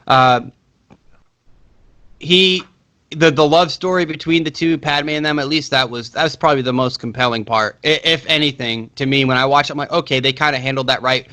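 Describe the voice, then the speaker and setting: A man's voice: fairly high pitch, fairly even intonation, normal speed, sharp tone. A man co-hosting a casual movie podcast, rambling with frequent restarts and swearing. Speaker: podcast co-host.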